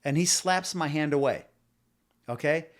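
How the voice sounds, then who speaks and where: A man's voice: a little high, a little slow. A man hosting a podcast, talking in a rambling, argumentative monologue that stumbles and repeats words as he addresses live viewers. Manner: talks directly to live viewers. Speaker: podcast host. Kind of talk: casual opinion monologue.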